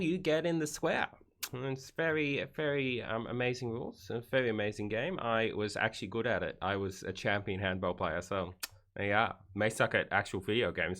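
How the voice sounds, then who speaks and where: A man's voice: on the low side, fairly bright tone. An Australian man streaming casual commentary on memes, wry and rambling with joking asides.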